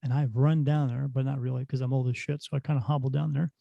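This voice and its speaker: A middle-aged man, a spirit medium guest on a podcast, telling stories in a lively, casual way. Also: mid-range voice, fast, gravelly, no room sound. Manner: animated storyteller who acts out dialogue. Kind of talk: casual storytelling in a podcast interview. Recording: dull, dry lo-fi sound.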